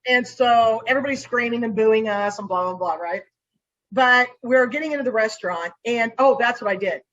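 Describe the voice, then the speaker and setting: A woman with a fairly high voice tells a story in a relaxed interview. She acts out her own lines with voices as she goes. The recording sounds dull and lo-fi. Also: a little fast. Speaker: private investigator guest.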